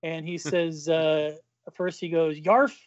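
A man's voice: sits high, steady tone, normal speed, lo-fi sound. A man co-hosting a casual chat, recounting a comic panel by panel and doing the characters' lines and sound effects. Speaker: podcast co-host.

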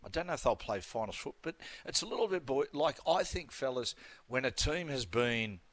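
An Australian man co-hosting sports radio, full of blokey banter. His voice is bright and ringing. His pitch rises and falls a lot as he tells a story. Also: big pitch swings, brisk, no echo. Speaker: radio co-host.

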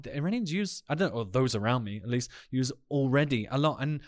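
A man's voice: medium pitch, brisk, few pauses. A man hosting a casual podcast chat, steering the talk and laughing often. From Iran. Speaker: podcast host.

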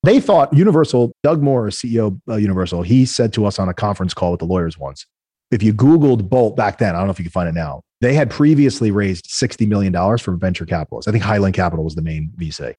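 A man speaking fast and with a husky, slightly rough voice as a podcast guest, telling his business stories in a lively way. He acts out the people in his stories as he goes. The sound is dry and close, with almost no room. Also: fairly low pitch, no echo. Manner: fast, animated storytelling, acting out quoted people. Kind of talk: casual storytelling interview.

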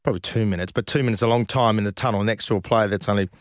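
Brief: chatty ex-footballer, lowish pitch, dry close recording, easygoing storyteller. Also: male voice, steady tone, rapid-fire, no echo. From Australia. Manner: chatty, laughs while telling stories. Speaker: former professional footballer, guest. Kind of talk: casual interview storytelling.

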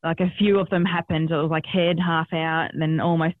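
A woman with an Australian accent, a podcast guest telling a story casually, animated and swearing freely, acting out what people said. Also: low voice, fairly quick, narrow, tinny audio.

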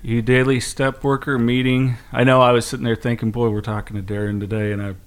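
A man hosting a podcast, halting and searching for words as he asks a question. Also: mid-range voice, flat delivery, smooth. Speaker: podcast host.

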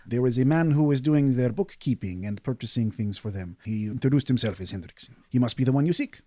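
A man's voice: medium pitch, a little fast, mellow, no echo, close to an everyday voice. A man voicing an eager male water seller who greets travelers in the desert.

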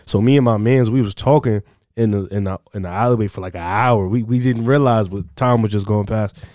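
A man's voice: lowish voice, a little fast, a little mellow, no echo, studio quality. A young man in casual chat, telling stories in slang and laughing often as he retells them.

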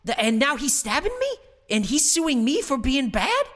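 A man's voice: very high voice, very animated, normal speed, a bit bright, full character voice. A man doing dopey rambling Jason Voorhees. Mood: worked up. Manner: rambling, goofy, self-justifying. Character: Jason Voorhees, dim-witted immortal slasher roommate. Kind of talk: improvised comedy courtroom sketch.

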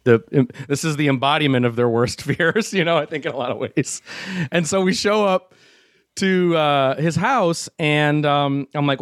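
A man hosting a casual chat, telling a story in an animated way, acting out quotes and swearing freely. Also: on the high side, measured pace, no echo, clean studio sound. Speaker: show host telling a story.

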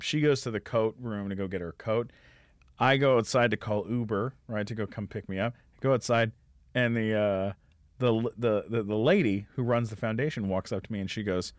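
A man with a lowish voice guests on a podcast, telling a story in casual chat at a slightly fast pace. He's animated and acts out the voices of the people in the story. The recording is studio quality with no echo.

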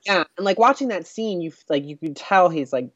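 A woman's voice: fairly low pitch, lively intonation, a little fast, no room sound. A woman co-hosting a casual chat, recapping a film with lots of fillers and laughter. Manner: chatty, with many fillers and laughs. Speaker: podcast co-host. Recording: dull, lo-fi sound.

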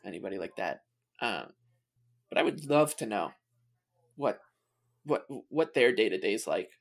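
Rambling man with halting speech. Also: fairly low pitch, expressive. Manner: rambling, halting, many fillers. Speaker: podcast co-host. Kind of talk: casual sports podcast chat.

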